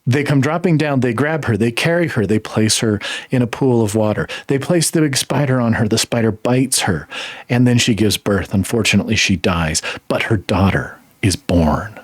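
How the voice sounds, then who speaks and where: A man's voice: mid-range voice, moderate pace, no room sound, clean studio sound. A man co-hosting a podcast, giving an emphatic, exasperated film review with frequent laughter. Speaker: podcast co-host. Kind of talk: casual film review chat.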